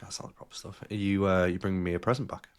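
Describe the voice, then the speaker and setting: A man's voice: sits low, steady tone, racing, smooth. A man hosting a casual podcast, joking around and reading news stories aloud with his own asides. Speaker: podcast host. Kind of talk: casual chat.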